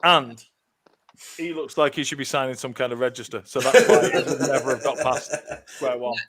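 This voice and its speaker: A man's voice: mid-range voice, moderate pace, crowd noise. A man hosting a podcast, running the votes with wry, rambling banter. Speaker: podcast host.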